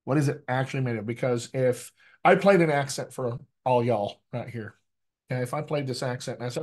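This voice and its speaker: Lively American man coaching actors. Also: medium pitch, brisk. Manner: lively, teacherly, keeps asking "right?". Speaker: dialect coach. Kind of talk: live online coaching talk.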